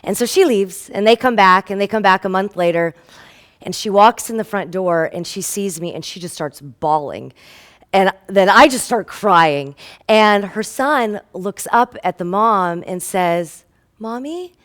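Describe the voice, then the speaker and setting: A woman at a middle pitch gives an earnest, emotional inspirational talk as a health practitioner. She tells patient stories with lively acted-out dialogue. She builds toward stirring calls to action. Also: measured pace.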